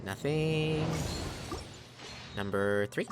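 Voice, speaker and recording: A man's voice: a little high, animated, extremely slow, background noise. A man hosting a let's play, chatting casually to his viewers on a desk microphone. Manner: chatty, addresses viewers as guys. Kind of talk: casual gaming commentary.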